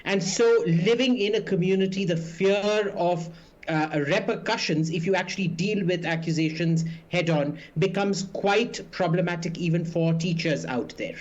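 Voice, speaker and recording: A man's voice: sits high, normal speed. A man argues his point as a guest on a news panel, indignant and stumbling through frequent fillers. His voice arrives over a dull, muffled remote feed. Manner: indignant, many hesitant fillers. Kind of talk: remote TV debate commentary.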